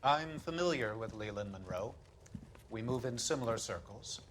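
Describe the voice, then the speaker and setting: Guy doing a condescending old-school exec, transatlantic drawl, swoopy pitch, faint hiss. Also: lively intonation, normal speed, lightly acted. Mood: smug. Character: smooth-talking corporate boss, middle-aged man. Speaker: insurance company boss.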